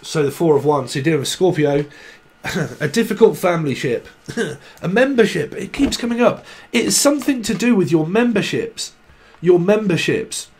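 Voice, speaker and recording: A man with a slightly higher-than-usual voice gives a loose, chatty tarot reading straight to camera. He rambles from one thought to the next, laughs often and breaks into bits of song. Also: lively intonation, moderate pace, a little mellow. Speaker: tarot reader.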